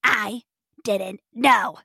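A woman's voice: medium pitch, very slow, gravelly, pushed and bright, husky, no room sound, studio quality, full character voice. A woman voicing a grumpy young male goblin, speaking in broken, crabby phrases. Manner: blunt broken grammar, crabby. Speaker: player.

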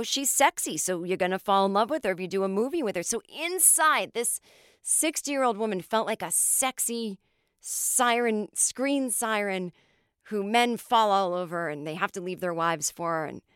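An American woman hosting a podcast, telling comic stories in an animated way, swearing freely and acting out the people she quotes. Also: mid-range voice, clear, resonant tone, no echo, clean studio sound. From United States. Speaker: podcast host, comedian. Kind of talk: comic storytelling monologue.

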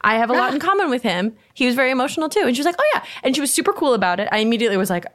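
A woman in her thirties, a guest telling a lively story with lots of laughter in casual chat. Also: fairly high pitch, rapid-fire, no echo.

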